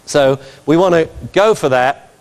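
A male dog trainer giving a lecture, commenting on training videos and acting out commands in a lively way. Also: fairly high pitch, measured pace. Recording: long hall reverb.

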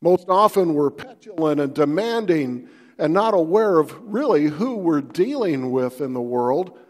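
A man's voice: on the high side, lively intonation, measured pace, a little mellow, big-room sound. A pastor, a man, giving a folksy, conversational devotional sermon and often putting questions to the listener.

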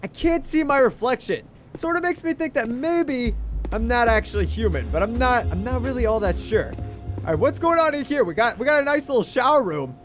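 A young man doing goofy, excitable game commentary, talking to his teddy bear as he plays. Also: very high-pitched, a little fast, soft background music. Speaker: gaming YouTuber.

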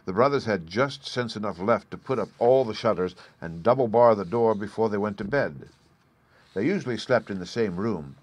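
A man reading a fairy tale aloud in measured storybook narration. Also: fairly low pitch, lively intonation, dry recording. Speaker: audiobook reader.

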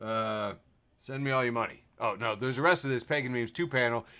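Bright-voiced man reading memes. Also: medium pitch, a little fast, smooth. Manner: wry, laughs often at his own reading. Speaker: podcast host. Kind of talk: casual podcast chat reading memes aloud.

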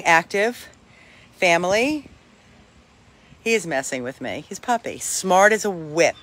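Older dog rescuer coaxing a puppy. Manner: talks to the dog in high coaxing calls between plain remarks. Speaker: dog rescuer showing a dog for adoption. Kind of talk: casual talk while playing with a dog. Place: home with a dog, in hot weather.

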